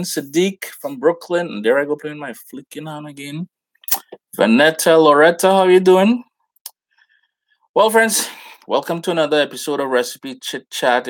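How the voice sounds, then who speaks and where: A gravelly-voiced man with a Trinidadian accent hosts a live cooking stream. He talks in an easygoing, casual way and greets viewers by name with Caribbean slang. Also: mid-range voice. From Trinidad and Tobago. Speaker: cooking show host.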